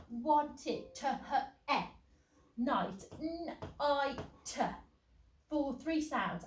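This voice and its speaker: A woman teacher, giving a phonics lesson and sounding out letters in an encouraging way. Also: fairly high pitch. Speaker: primary school teacher. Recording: echoey room, faint background noise.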